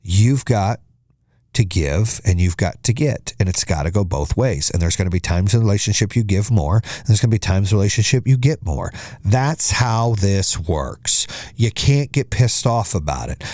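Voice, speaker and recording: A man's voice: fairly low pitch, animated, normal speed, mellow, dry recording, clean studio sound. A middle-aged man hosting a podcast, giving blunt, profane, punchy motivational advice in a monologue. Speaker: podcast host.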